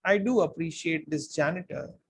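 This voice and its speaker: A man voicing an earnest young schoolgirl's thoughts in a quiet, musing way while reading a book aloud. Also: on the high side, normal speed, husky. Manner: soft, quiet inner musing. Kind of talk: read-aloud character voice.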